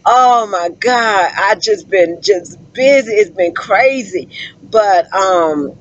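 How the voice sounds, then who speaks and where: Woman trucker, casual vlog storytelling, animated and laughing, dull dry recording. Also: mid-range voice, slow, dry recording. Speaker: truck driver. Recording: dull lo-fi sound.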